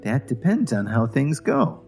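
A man doing a calm, weary young wife. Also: medium pitch, a little slow, vocal fry, faint music behind, pitched above the performer's own voice, exaggerated voice. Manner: calm, sighing.

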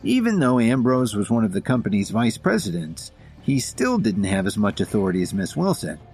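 A man narrating a scripted story in an even storytelling delivery. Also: fairly low pitch, a little fast, soft background music.

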